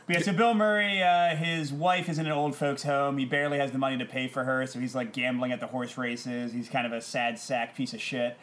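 A man's voice: mid-range voice, flat delivery, brisk, hardly any pauses, fairly bright tone. A man, a podcast guest in casual chat, giving a blunt, opinionated movie review.

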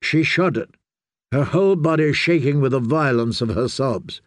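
A male narrator works through a fantasy audiobook, his medium-pitched delivery calm and evenly measured. There's no room sound, just clean studio audio.

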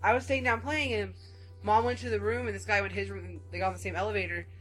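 A woman's voice: medium pitch, steady tone, very fast, a bit bright, faint music behind. A woman in her thirties chatting casually and animatedly, full of "like" fillers. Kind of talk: casual chat.

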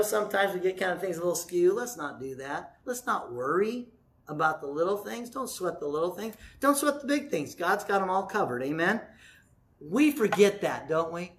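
A male pastor preaching a sermon in a lively, conversational way, with joking asides and scripture quotes acted out with big swings in loudness. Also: high-pitched, gravelly.

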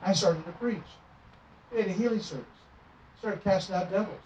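A man's voice: high voice, normal speed. A middle-aged man, a traveling minister, telling stories in a sermon and acting out the dialogue. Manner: animated storytelling, acting out dialogue. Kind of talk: sermon storytelling. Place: church sanctuary. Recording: roomy, distant, muffled with noise.

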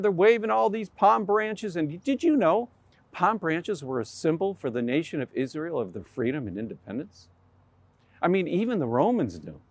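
A man preaching with a high, lively voice that swoops up and down as he tells the story. He talks like an animated storyteller from the pulpit and acts out what the crowd shouts. The sound is dry and close. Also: dry recording. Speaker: pastor. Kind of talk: sermon.

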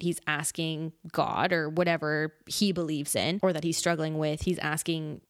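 A woman's voice: deep voice, smooth, dry recording, clean studio sound. A young woman hosting a solo podcast, chatting casually about songs with lots of "like" fillers and bits of humming along. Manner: chatty, frequent "like" fillers, sings snippets. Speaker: podcast host. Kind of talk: solo casual music talk.

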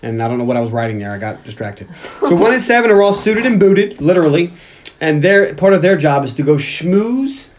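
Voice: medium pitch, big pitch swings, a little fast, slight background noise. Casual, joking host; reads from notes; mid-range voice. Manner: jokey, reads own notes aloud. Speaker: podcast host. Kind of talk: casual movie recap chat.

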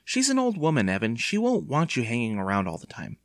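A man voicing a middle-aged mother in a storybook reading, raising his voice into a higher, coaxing tone that turns sharp at times. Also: huge pitch swings, brisk, no echo, studio quality. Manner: pleading, coaxing, sometimes sharp. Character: anxious, stern mother, middle-aged woman.

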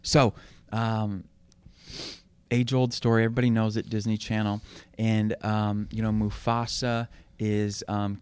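A young man talking casually about faith, retelling a film story in an earnest, relaxed way with many fillers. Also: on the low side, clean tone, no echo. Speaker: guest.

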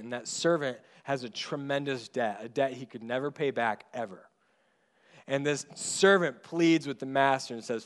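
A male pastor preaches earnestly, raising his volume on the key points and turning soft and slow for the tender moments. His voice is on the high side.

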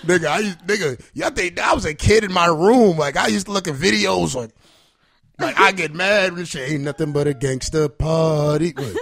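A man's voice: on the high side, very animated, moderate pace, gravelly, a bit bright, no room sound, studio quality. A man hosting a podcast, chatting casually in a loose, profane way. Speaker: podcast host. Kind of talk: casual chat.

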